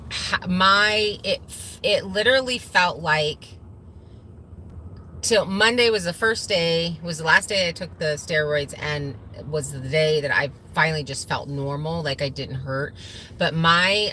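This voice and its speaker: A woman's voice: sits low, slow pace, pushed and bright, a little hiss or hum. A middle-aged woman co-hosting a casual live chat from inside a car, laughing often as she tells her story. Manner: laughs often and tells stories with a lot of feeling. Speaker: co-host of a farm channel.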